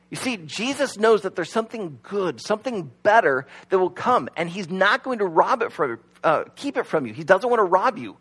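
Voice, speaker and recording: Lively husky-voiced male preacher. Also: a little high. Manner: conversational, animated storytelling with acted quotes. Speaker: pastor. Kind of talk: sermon.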